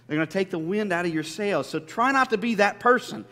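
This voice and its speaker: A high, sharp-toned male voice with lively intonation carries a brisk, story-filled sermon. The preaching is conversational yet emphatic, and a large church hall adds long reverb.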